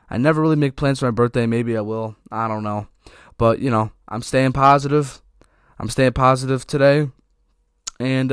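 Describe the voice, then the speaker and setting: A man's voice: medium pitch, smooth, no echo. Young man with a dry throat, rambling. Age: young adult. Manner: loose, rambling, with frequent fillers and swearing. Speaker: podcast host. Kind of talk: casual solo podcast talk.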